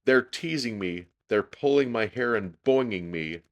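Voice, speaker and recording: A man's voice: low voice, expressive, takes it slowly, lo-fi sound. A man voicing a prim little girl who whines and complains in a storybook reading. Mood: tearful. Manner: whiny, upset.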